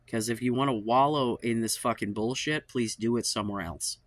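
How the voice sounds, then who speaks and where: Speaking a little fast in a mid-range voice with no echo, this man hosts his own channel and gives dating advice. The talk is a frustrated monologue to camera: exasperated, profane, with sighs and trailing off, weary and fed up.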